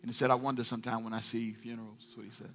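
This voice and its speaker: A middle-aged male pastor preaching a sermon, moving from quiet storytelling to fervent call-and-response shouting. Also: mid-range voice, flat delivery, racing, faint music behind.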